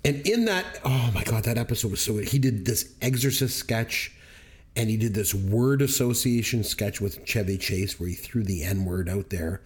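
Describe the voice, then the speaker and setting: A man's voice: fairly low pitch, expressive, normal speed. A man co-hosting a podcast, telling stories in an emphatic, enthusiastic way. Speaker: podcast co-host. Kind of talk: casual podcast chat.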